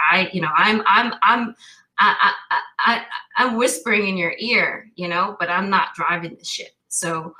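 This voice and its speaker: Bright-voiced woman, risk expert guest. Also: mid-range voice, low-quality recording. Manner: thoughtful, many restarts. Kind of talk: casual interview talk.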